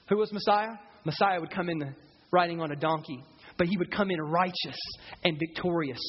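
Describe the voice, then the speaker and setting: A man's voice: high-pitched, breathy edge. A male pastor preaching a live sermon to his congregation, asking them rhetorical questions. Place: church service. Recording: dull sound in a reverberant hall.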